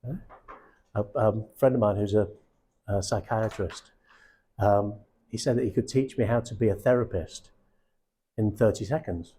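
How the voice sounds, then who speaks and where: A man's voice: fairly low pitch, normal speed, long pauses, dark tone, breathy edge. A middle-aged man coaching recruiters, blunt and casual, swearing freely and checking in with his audience. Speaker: sales coach. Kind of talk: live coaching session.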